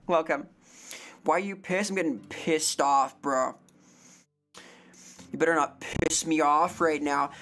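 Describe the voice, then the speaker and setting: A woman's voice: low voice, a bit bright. A young woman streaming live, chatting casually in a playful, rambling, jokey way and reading chat aloud. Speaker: variety streamer.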